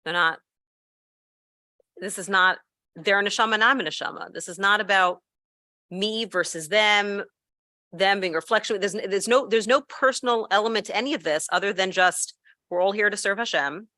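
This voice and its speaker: At a gathering of educators, a woman tells a story in a conversational, teacherly way, full of quick asides and self-corrections. Her mid-range voice sounds pushed and bright, with no echo.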